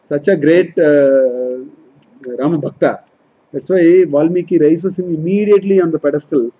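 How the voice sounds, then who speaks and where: A man's voice: on the high side, moderate pace, breathy edge, highs cut off. A man teaching a scripture study class, explaining verses line by line and often repeating and correcting himself. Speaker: Vedanta teacher.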